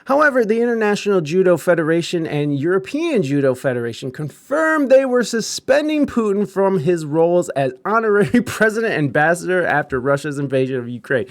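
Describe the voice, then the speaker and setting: Laughing, animated man reading news. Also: sits high, fairly quick, hardly any pauses, no echo. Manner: laughing, swearing, riffing between read lines. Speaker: podcast host. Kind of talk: casual chat reading news aloud.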